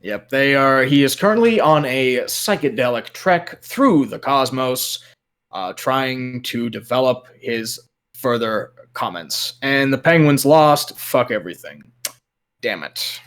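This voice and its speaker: A man co-hosting a sports podcast, with dry, blunt opinions and deadpan jokes. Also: mid-range voice, takes it slowly. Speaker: podcast co-host. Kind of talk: casual sports chat.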